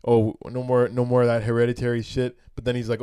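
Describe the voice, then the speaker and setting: A man's voice: medium pitch, completely flat delivery, fast talker, mellow, clean tone, no echo, studio quality. A young man co-hosting a casual comedy podcast, reading history facts aloud with fillers and casual swearing. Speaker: podcast co-host.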